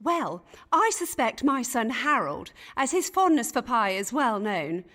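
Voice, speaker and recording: A chattering Elizabethan gentlewoman, high-pitched and full of swooping inflection. She gossips in archaic with a huffy edge, and her voice has a long reverberant tail. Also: very animated, measured pace, soft background music, exaggerated voice. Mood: gossipy. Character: gossipy Elizabethan lady, flustered and indignant. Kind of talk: voiced game dialogue in Elizabethan English.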